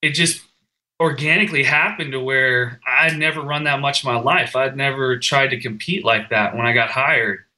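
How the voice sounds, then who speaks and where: A young man recounts his own story with feeling, stumbling and restarting as he goes. His voice is strikingly bright and forward, sitting at an ordinary pitch. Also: fairly even intonation, normal speed, rough recording. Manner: earnest, emotional storytelling with restarts. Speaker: guest, firefighter. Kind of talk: personal story in a podcast conversation.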